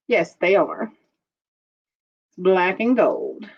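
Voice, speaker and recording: A woman hosting a casual live-streamed jewelry auction, chatting slowly as she describes pieces and calls out viewer bids. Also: medium pitch, lo-fi sound.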